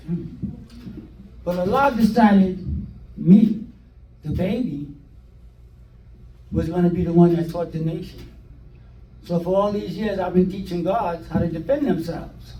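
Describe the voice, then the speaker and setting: An older man telling stories from his past in a documentary interview, animated, acting out what people said, with hesitant fillers. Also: high-pitched, muffled recording. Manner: animated, acts out quoted dialogue with hesitant fillers. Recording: roomy sound from a distant mic, faint noise.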